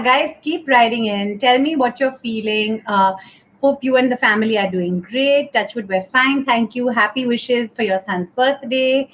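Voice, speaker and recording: A woman's voice: a little high, fairly bright tone, a little hiss or hum, rough recording. Chatty woman hosting a live stream. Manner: chatty, lots of "you know" and "um". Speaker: host of a live talk show. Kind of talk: casual live-stream chat. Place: home during lockdown.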